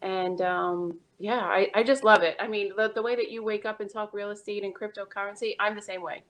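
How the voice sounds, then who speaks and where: A woman's voice: medium pitch, steady tone, fairly quick, a bit bright. A woman with a New York accent, a real estate agent chatting as a podcast guest in an upbeat, casual way. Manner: chatty and upbeat, with short laughs. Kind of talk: casual interview chat.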